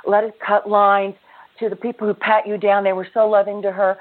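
This woman, an author and self-love teacher, is a guest recounting her story in conversational interview fashion, sincere with an occasional laugh. She talks fairly quickly in a level, mid-range voice, and the audio has the thin quality of a phone line.

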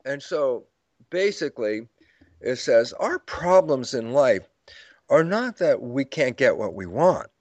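A man's voice: medium pitch, sing-song, slow, no echo. A man as an interview guest, explaining ideas like a lecturer, acting out quoted dialogue and chuckling at his own points. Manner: storytelling lecturer who acts out quoted dialogue. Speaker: guest author.

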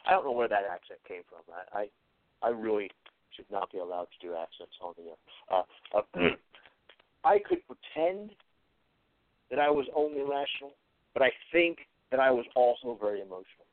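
A man with a mid-range voice hosts an atheist commentary show, speaking very animatedly at a moderate pace in an earnest, reflective solo monologue full of short repeated phrases and frequent hesitations. The audio sounds tinny and phone-like, dry, with no room sound.

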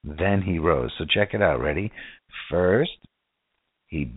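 A man's voice: sits low, expressive, takes it slowly, slightly rough, dry recording. A man preaching a casual sermon who keeps asking his listeners rhetorical questions and "right?". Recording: tinny phone-like dry sound.

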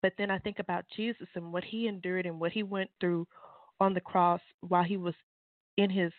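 A woman, an author and guest, giving fervent, preachy testimony on a call-in show, leaping into high exclamations. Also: steady tone, fairly quick, dry recording. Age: adult mother. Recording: tinny phone line.

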